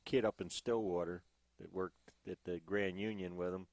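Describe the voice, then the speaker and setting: A man's voice: low-pitched, steady tone, moderate pace, darkish tone, dry recording. A man telling a story in a casual, matter-of-fact way on a podcast recorded in a gym. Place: gym, inside a fighting cage.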